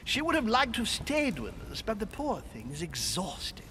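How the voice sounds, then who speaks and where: An actor playing a courteous aristocratic manor host in a video game, speaking politely and smoothly. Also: male voice, high voice, wildly swooping pitch, normal speed, bright, forceful tone, a little hiss or hum, full character voice.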